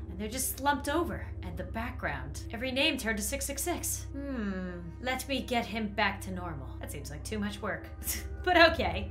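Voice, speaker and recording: Excitable woman vlogger reacting to a game. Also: medium pitch, normal speed, faint music behind. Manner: excitable, gasping, laughing. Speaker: gaming vlogger.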